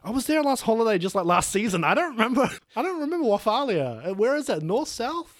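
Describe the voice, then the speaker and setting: A man's voice: very high voice, big pitch swings, fast, dry recording, studio quality. A man hosting an improvised comedy interview, teasing his guests playfully. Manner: playful, teasing, laughs often. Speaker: host interviewing characters.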